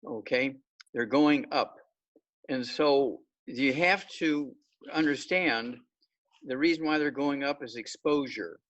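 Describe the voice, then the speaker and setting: A man's voice: medium pitch, takes it slowly, a bit bright, distant mic, highs cut off, slight background noise. A man giving an informal lecture on a call, folksy and emphatic, often checking in with "okay". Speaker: guest lecturer.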